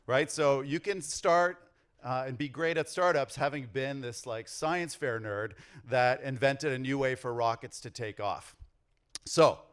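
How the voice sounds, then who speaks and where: Energetic man giving a keynote. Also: mid-range voice. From Canada. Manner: energetic, rallies the crowd with questions. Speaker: keynote speaker. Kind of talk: conference keynote talk. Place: on stage before a large audience.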